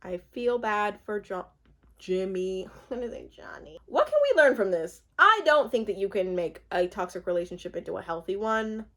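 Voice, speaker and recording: A woman with a mid-range voice recaps a reality show at a moderate pace, casual and chatty. She's a TV recap vlogger, giggly and expressive, and she laughs often as she talks.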